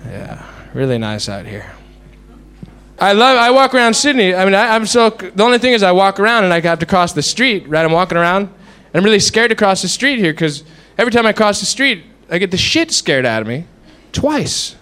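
A man's voice: high voice, lively intonation, a little fast, fairly bright tone, smooth. Rambling, self-mocking stand-up man. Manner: rambling, self-mocking storytelling with sound effects. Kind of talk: stand-up monologue.

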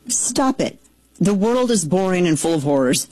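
Excitable sarcastic woman hosting a talk show. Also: lowish voice, normal speed, dry recording, rough recording. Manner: excitable, sarcastic, jumps into mock voices. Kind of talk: casual commentary chat.

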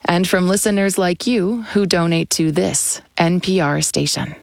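Low-voiced female sponsor announcer. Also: measured pace, vocal fry, no room sound. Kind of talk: scripted sponsor reads.

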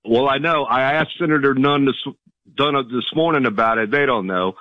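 A man's voice: mid-range voice, normal speed, no echo. Chatty male caller on a dull phone line. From Virginia. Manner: chatty, folksy, laughs along. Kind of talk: calling in to a radio show.

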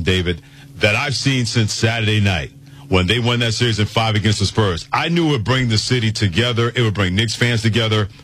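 Husky-voiced male sports radio host. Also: on the low side, fairly bright tone. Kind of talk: sports talk radio chat.

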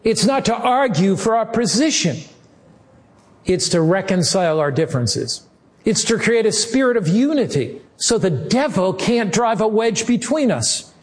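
A male pastor preaching a sermon in an earnest, measured way, slowing down for emphasis. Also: high-pitched, very animated.

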